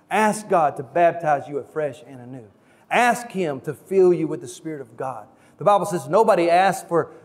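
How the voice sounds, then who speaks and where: A male pastor preaching a sermon, telling a story in a halting, rambling way with restarts. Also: a little high, in a large hall. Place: church.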